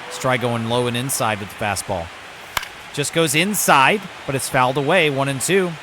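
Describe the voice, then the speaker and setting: A man's voice: medium pitch, moderate pace, noisy background. Man doing playful game play-by-play. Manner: mock broadcaster calls mixed with muttered asides. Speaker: gaming YouTuber. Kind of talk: video game play-by-play commentary.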